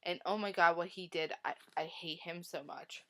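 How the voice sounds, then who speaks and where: A woman's voice: lowish voice, normal speed, a bit bright. A woman talking casually about a book she read, retelling the plot with lots of "like" and strong feelings about the characters. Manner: chatty, heavy use of "like", emotional retelling. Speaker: book reviewer. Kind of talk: casual book review vlog.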